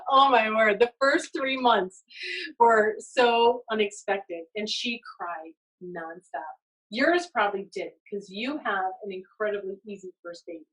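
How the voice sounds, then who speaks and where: A middle-aged woman hosting a podcast, telling stories in a casual, animated way, laughing often and acting out quotes. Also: medium pitch, a little slow, recorded from a distance, poor audio. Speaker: podcast host. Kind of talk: casual storytelling chat.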